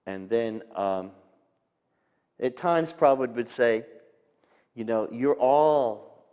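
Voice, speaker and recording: An older man telling memories of his teacher in a halting, reminiscing way, with soft fillers and restarts. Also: mid-range voice, lively intonation, clear, resonant tone, long reverb tail. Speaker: devotee recalling his teacher. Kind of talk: reminiscing storytelling.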